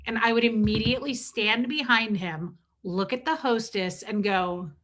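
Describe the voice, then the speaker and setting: A woman's voice: fairly high pitch, normal speed, fairly bright tone. A woman hosting a live stream, chatting casually and bluntly, with sarcastic asides and greetings to her chat. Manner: blunt, sarcastic, reads chat names aloud.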